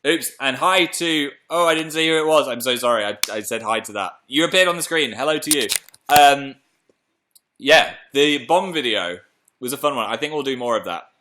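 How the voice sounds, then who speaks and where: A man's voice: medium pitch, animated, normal speed, pushed and bright, slight background noise. A young British man hosting a casual live stream, chatting playfully and reading out viewer comments. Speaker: livestream host.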